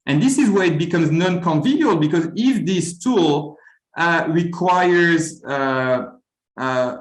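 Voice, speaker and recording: A man with a fairly high voice gives an academic seminar talk. He speaks earnestly and often stumbles over repeated words as he lectures. The sound rings around an echoey lecture room. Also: slow. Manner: earnest, with frequent stuttered word repeats.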